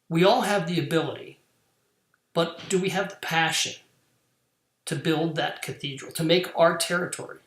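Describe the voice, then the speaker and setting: A man's voice: fairly high pitch, fairly bright tone. A man hosting a podcast, giving an earnest motivational business talk. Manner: earnest, preaching, deliberate. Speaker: podcast host. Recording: roomy echo.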